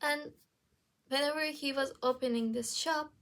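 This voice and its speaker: A woman's voice: high-pitched, fairly even intonation, a little slow, a bit bright. A young woman vlogger chatting casually about TV shows, rambling with many fillers and restarts.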